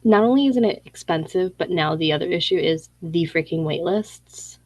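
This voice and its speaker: A woman's voice: fairly low pitch, normal speed, darkish tone, dry recording. A woman hosting a casual chat about parenting, blunt and emphatic in her asides. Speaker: podcast host. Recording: dry, muffled lo-fi audio.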